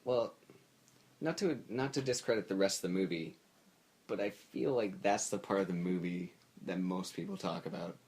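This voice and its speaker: A man's voice: low voice, normal speed, darkish tone. A young adult man co-hosting a podcast in casual chat, laid-back and hesitant, searching for his words. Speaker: podcast co-host.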